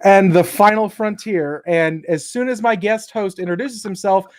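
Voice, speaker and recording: Chatty high-voiced Texan host. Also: male voice, normal speed. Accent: South Texas. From Texas, USA. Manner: chatty, rambling, lots of likes and restarts. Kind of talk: casual livestream chat. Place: home room with open window.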